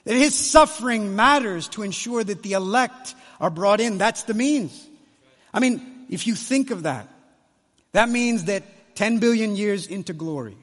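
A man preaching a conference sermon, impassioned, swinging between hushed lines and loud ones. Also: sits high. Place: large conference hall. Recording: long hall reverb.

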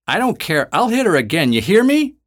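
A vicious young woman kidnapper, sneering and quick to threaten, her voice jumping high when she snaps, as a male storyteller with a deep voice acts her out. She mocks her captive with open contempt. It plays like a dark audiobook scene. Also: huge pitch swings, dry recording, clean studio sound, heavily acted. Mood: menacing. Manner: mocking and threatening.

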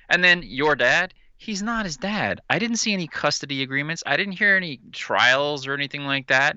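A man's voice: mid-range voice, sharp tone, clean tone, no room sound, lo-fi sound. A man co-hosting a podcast, chatting casually in a joking, sarcastic way. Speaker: podcast co-host.

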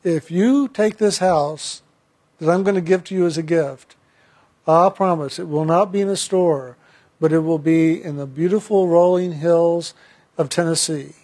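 A man voicing a calm male spirit guide who speaks gently and persuasively, in his own high voice. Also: measured pace. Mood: gentle.

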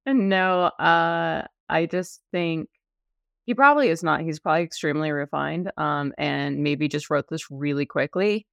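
A woman co-hosting a casual panel show, chatty and quick to laugh, with many fillers. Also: low-pitched, vocal fry, dry recording, dull audio. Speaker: podcast co-host.

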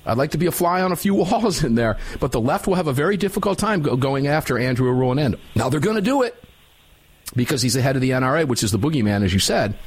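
A man's voice: mid-range voice, big pitch swings, fast, slightly rough. A man hosting a talk radio show, chatting in a rambling, agreeable way with a guest.

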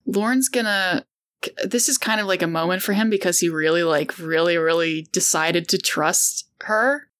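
A woman's voice: on the low side, normal speed, fairly bright tone. A woman player in a tabletop game, describing her character hesitantly with many fillers.

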